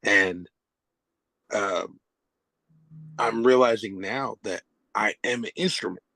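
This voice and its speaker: A man, a hip hop artist, talking as a guest in a casual conversation, loose and expressive, swearing and laughing often. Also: fairly low pitch, takes it slowly, creaky, dry recording.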